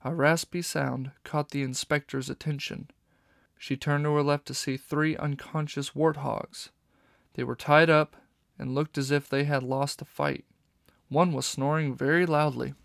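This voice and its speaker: A man narrating a children's novel audiobook in steady storytelling. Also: on the high side, a little slow, gravelly, no room sound, clean studio sound.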